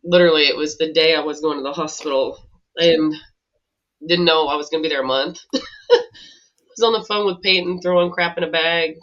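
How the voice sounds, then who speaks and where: A woman co-hosting a podcast, telling stories in a chatty, animated way and laughing easily. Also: low voice, brisk, long pauses. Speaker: podcast co-host. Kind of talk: casual conversational storytelling. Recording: dull lo-fi recording.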